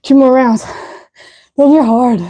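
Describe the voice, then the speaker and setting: A woman's voice: sits high, fairly even intonation, slow, dark tone. A woman fitness instructor coaching a live leg workout, out of breath, counting reps aloud and giving short cues.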